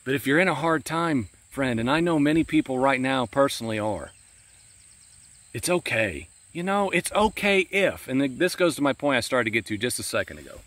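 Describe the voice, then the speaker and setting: A man's voice: mid-range voice, sing-song, a little fast, fairly bright tone, no echo. A man giving a spontaneous, earnest devotional talk outdoors in a pasture, pastoral in tone and often addressing the listener as friend, with crickets and insects behind him. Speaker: Christian podcast host.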